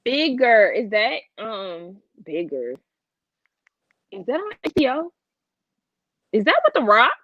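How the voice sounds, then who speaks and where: A woman's voice: a little high, slow pace, long pauses, no room sound, highs cut off. A woman co-hosting a casual live chat, talking to her viewers with big emotional swings. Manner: animated, emotional, talks to viewers as y'all. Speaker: co-host.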